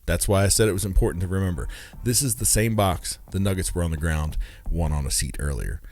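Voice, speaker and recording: A man's voice: deep voice, a little fast, darkish tone. A man telling a comic anecdote in a chatty way, with wry, mock-outraged asides and constant "right?" check-ins. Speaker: comedic storyteller. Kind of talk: casual comedic anecdote.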